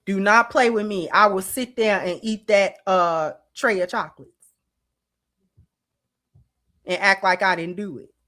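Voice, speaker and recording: A middle-aged woman, hosting a casual livestream and talking straight to her viewers in an animated, drawling way. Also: medium pitch, unhurried, long pauses. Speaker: channel host.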